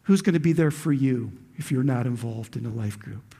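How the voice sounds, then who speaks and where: A man's voice: medium pitch, moderate pace, gravelly, mellow, husky. A male pastor preaching a sermon, often repeating words and building to passionate peaks. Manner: preaching with rising intensity, frequent repeated words.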